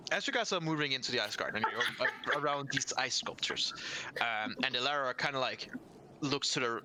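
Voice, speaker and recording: A man's voice: mid-range voice, fairly quick, background noise. A man narrating as game master in a rambling, laid-back way, full of fillers.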